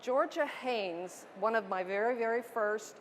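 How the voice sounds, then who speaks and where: Middle-aged female parenting speaker, light higher voice, emphatic and earnest presenter. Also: a little slow, slight background noise. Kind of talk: presentation to an audience. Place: book expo talk.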